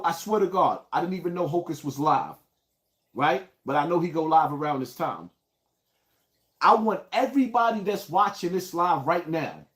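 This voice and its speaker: Hyped New streamer, lively pitch. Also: male voice, normal speed. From Bronx, New York. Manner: hyped, calls out viewers by place. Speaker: live streamer. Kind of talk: casual livestream talk.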